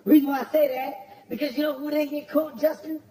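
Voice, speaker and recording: A man doing a stand-up roast, brash and profane, shouting his punchlines. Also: very high voice, flat delivery, a little fast. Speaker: comedian at a roast. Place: stage before a live audience. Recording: roomy venue with crowd laughter.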